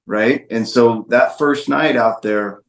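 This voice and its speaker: A man's voice: mid-range voice, takes it slowly, gravelly, reverberant. A man, a documentary filmmaker guest, tells a story in an interview with emphatic repetitions. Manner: emphatic, repeats phrases for stress.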